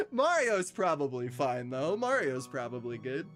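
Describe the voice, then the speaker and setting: A man's voice: fairly high pitch, huge pitch swings, slow pace, a bit bright. A man streaming casually, chatting with his viewers, laughing often and reading out their messages. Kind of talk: casual live-stream chat.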